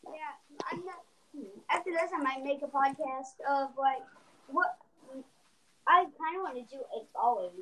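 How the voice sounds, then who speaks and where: A woman with a high voice co-hosts a casual podcast. She talks haltingly, with plenty of fillers and asides, even while she reads out a spooky story. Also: low-quality recording. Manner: halting, full of fillers and giggles, chatty asides. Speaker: podcast co-host.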